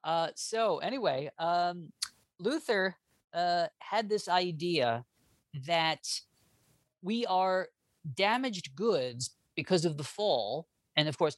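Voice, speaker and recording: A man speaking as a guest historian in a casual interview, animated and joking, often restarting his sentences. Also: high-pitched, no room sound.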